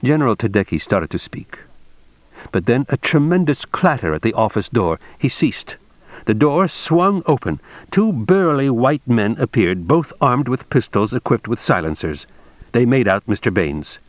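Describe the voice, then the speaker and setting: A man narrating an audiobook in a steady, measured reading. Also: mid-range voice, no room sound.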